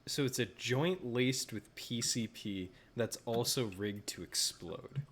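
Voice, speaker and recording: A man's voice: mid-range voice, a bit bright. A man co-hosting a stream, chatting casually with wry jokes and reading game text aloud. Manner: wry, joking, quick asides. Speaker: writer and stream co-host.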